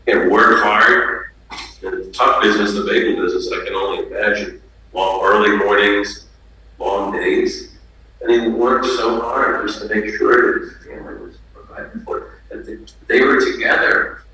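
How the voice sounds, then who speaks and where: Deep-voiced man leading a funeral, echoey. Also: steady tone, pushed and bright. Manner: halting, with restarts and fillers. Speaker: funeral officiant. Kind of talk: funeral address. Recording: echoey room, distant mic, faint noise.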